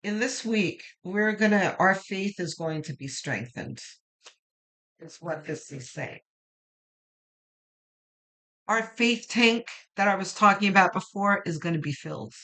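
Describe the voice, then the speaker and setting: Tarot reader, slow reflective ramble, moved near tears, bright tone. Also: medium pitch, lively intonation. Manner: reflective and rambling, with many fillers and restarts. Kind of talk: weekly tarot reading to viewers.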